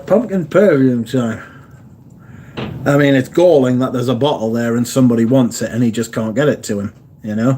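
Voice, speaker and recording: A man's voice: medium pitch, mellow, a little hiss or hum. Sweary man hosting a livestream. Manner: sweary, chatty, reads viewer comments aloud. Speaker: livestream host. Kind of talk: casual livestream chat.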